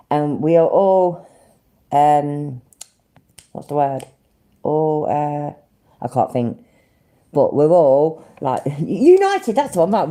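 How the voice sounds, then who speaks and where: A British woman hosts a livestream, giving live commentary as she reacts to clips. Her low, mellow voice carries sarcastic rants full of swearing, in a British English accent.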